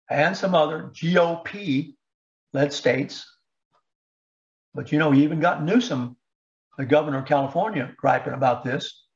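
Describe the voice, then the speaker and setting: A man giving political commentary, halting with fillers and restarts, pushing rhetorical questions up in pitch. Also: muffled recording. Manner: rhetorical questions with rising emphasis.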